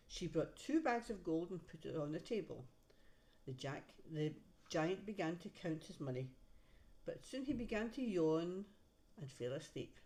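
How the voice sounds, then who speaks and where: A woman reads a picture book aloud to a child in a low voice. She stops now and then to point out the pictures on the page. The reading is gentle and easy to follow. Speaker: reader to a child. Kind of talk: storybook read-aloud.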